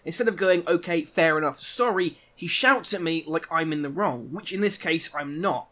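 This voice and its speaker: Irish YouTuber, fairly high voice, ranting commentary over game clips. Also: male voice, moderate pace, a bit bright. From Ireland. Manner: indignant, ranting. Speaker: gaming YouTuber. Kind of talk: commentary over gameplay footage.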